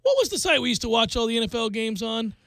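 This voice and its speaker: A man's voice: extremely high pitch, big pitch swings, fast, fairly bright tone, no room sound. A man hosting a sports radio show in a studio, chatting casually with wry, offhand asides. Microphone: studio microphone.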